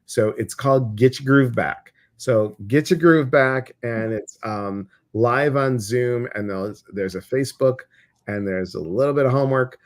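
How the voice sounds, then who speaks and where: A man's voice: medium pitch, a little slow. Chatty Midwestern American man hosting. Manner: chatty, animated, many fillers and restarts. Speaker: host. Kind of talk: casual livestream chat.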